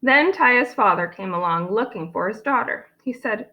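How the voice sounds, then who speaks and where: A woman reading a picture book aloud in an animated way, adding playful asides. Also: a little high, normal speed, muffled recording. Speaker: storyteller.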